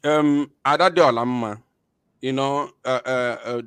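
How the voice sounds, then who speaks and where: A man's voice: medium pitch, a little slow, fairly bright tone, smooth, dry recording. A man hosting online commentary, hesitant with many fillers and emphatic questions. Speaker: commentary host. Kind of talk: commentary on a video.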